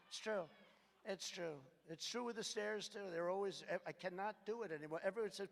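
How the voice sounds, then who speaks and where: The recording comes from a distance in an echoey hangar hall, where an older man gives a rambling, repetitive campaign speech laced with sarcasm. His high voice moves briskly and sounds a bit bright.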